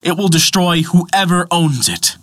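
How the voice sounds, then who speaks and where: A man's voice: high-pitched, measured pace, a bit bright, no echo, studio quality, pitched above the performer's own voice. A man telling a myth aloud, voicing a cringing dwarf smith who whines and pleads. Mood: cursing. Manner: whining, pleading. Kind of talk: storybook narration.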